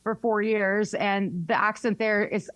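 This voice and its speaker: A woman's voice: mid-range voice, fairly even intonation, unhurried, a bit bright, no echo. A woman radio host with a Southern accent, chatting candidly in an interview and laughing often. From North Carolina, US. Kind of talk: casual interview chat.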